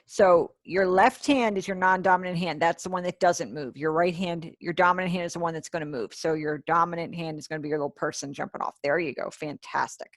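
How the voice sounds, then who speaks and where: In a video-call sign language class, the ASL teacher speaks a little fast with few pauses, her lowish voice fairly even in tone. The studio-quality audio has no room sound, and she chats encouragingly, praising students and talking to herself in asides.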